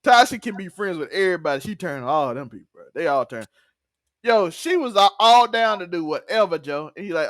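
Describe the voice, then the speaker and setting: Animated laughing man recapping a show. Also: high voice, a little fast, no room sound, studio quality. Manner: animated, laughs often, acts out characters' lines. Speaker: TV review podcast host. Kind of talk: excited casual recap chat.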